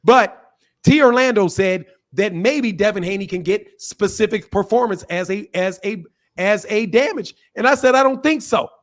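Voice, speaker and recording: Talking over his opponent in a heated live boxing debate, the channel host is combative and blunt, swearing and saying things again and again. He has a high voice and speaks at a normal speed.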